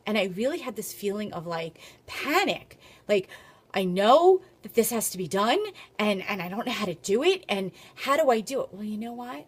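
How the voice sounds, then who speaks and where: A woman's voice: medium pitch, very animated, moderate pace, husky. A middle-aged woman talking to her camera in a casual, motivational way, earnest and confessional, repeating phrases for emphasis. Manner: emphatic, repeats herself for stress. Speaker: vlogger and small business owner.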